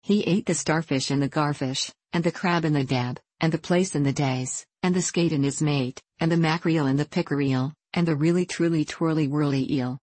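A woman reading a children's storybook aloud in a slow, sing-song storytelling cadence. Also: low-pitched, darkish tone, dry recording.

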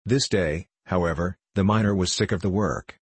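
Low husky male audiobook narrator. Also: moderate pace, no echo. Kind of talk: scripted narration.

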